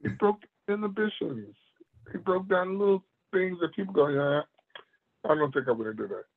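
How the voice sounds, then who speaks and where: A man who is a martial arts master, telling stories about his mentor in an animated way and laughing often. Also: sits high, moderate pace, gravelly. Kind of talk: storytelling in a conversation. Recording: tinny phone-like line.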